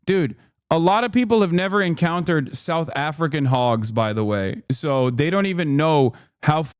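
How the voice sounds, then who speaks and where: A man's voice: fairly high pitch, animated, normal speed, clean tone, no echo, studio quality. A man hosting a stream, giving sarcastic, profane political commentary while reading and ranting. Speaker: streamer host.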